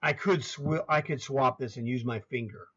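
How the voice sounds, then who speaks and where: Over a laptop screen share, a man in his sixties coaches chess in a casual, chatty way, naming squares aloud with grumbling asides now and then. His mid-range voice is a bit bright with a breathy edge, moving at a moderate pace, and the audio is dull.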